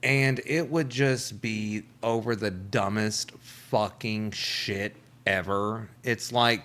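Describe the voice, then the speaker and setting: A man hosting a comedy show, delivering a casual, profane monologue and jumping into quick quoted voices. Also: lowish voice, steady tone, fairly bright tone.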